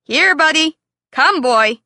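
A woman's voice: sits high, lively intonation, slow, sharp tone, no echo, clean studio sound, heavily acted. A woman voicing an easygoing farm boy who talks in an offhand, teasing way in a storybook reading.

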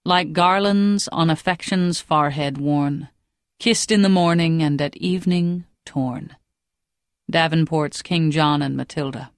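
A woman reading an audiobook in a measured, even narration. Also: low-pitched, no echo, clean studio sound.

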